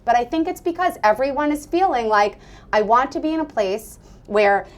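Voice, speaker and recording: A woman's voice: fairly high pitch, normal speed. An American woman in her forties, a guest speaking fluently and with animation in an interview. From United States. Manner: fluent, animated, often laughing. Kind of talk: interview conversation.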